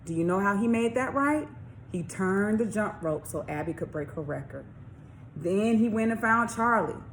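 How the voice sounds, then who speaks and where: A woman author reading her children's story aloud, expressive, with questions to young listeners. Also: mid-range voice, normal speed, slight background noise. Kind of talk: storybook read-along for children.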